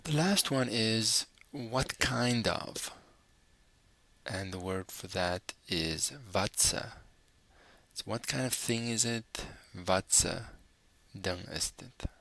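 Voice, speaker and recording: A man gives a recorded language lesson, saying new words slowly and repeating each one. His voice is low, gravelly and bright-edged. The room sounds dry and close. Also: no echo. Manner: patient, spells out words slowly and repeats them. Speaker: language teacher.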